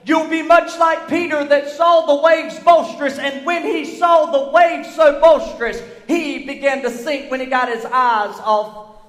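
High-voiced fervent preacher in a hall. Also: male voice, steady tone, a little slow. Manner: fervent, rising to shouts. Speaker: pastor. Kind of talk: sermon. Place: church sanctuary. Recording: echoey church hall.

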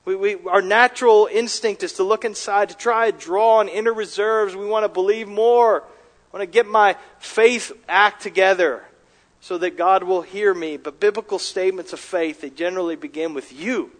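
A man's voice: high voice, steady tone, normal speed. A man preaching a sermon as pastor, earnest and emphatic, often restarting his phrases.

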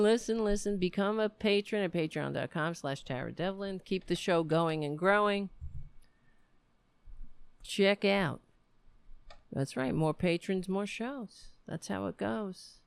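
A woman's voice: on the low side, vocal fry, smooth, no echo. A woman hosting a casual late-night livestream from her computer mic, sarcastic and profane, sounding exhausted. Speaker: livestream show host. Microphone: desk mic at a computer.

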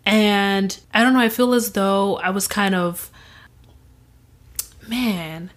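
A young woman as an interview guest, telling a personal story in an animated way and acting out what others said. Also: medium pitch, takes it slowly. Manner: animated, acts out quoted voices, laughs often.

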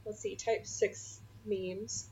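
A woman's voice: mid-range voice, little pitch movement, takes it slowly, gravelly, mellow. Giggly young woman reading memes. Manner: giggly, reads memes aloud. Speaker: podcast co-host. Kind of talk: casual chat. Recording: slightly dull, faint noise.

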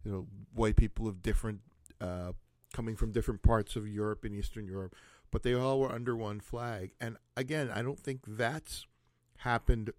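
A man with a fairly low voice talks in a relaxed, unscripted chat, musing and circling back on his own points. The sound is dry and close, with little room around it. He comes across as a host thinking out loud. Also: no echo. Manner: musing, thinks aloud with many asides. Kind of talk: casual conversation.

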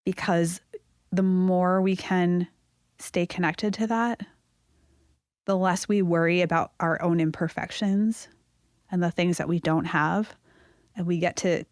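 A woman's voice: fairly low pitch, steady tone, measured pace, long pauses, darkish tone, dry recording, studio quality. A woman giving reflective advice as a podcast guest, in a thoughtful way.

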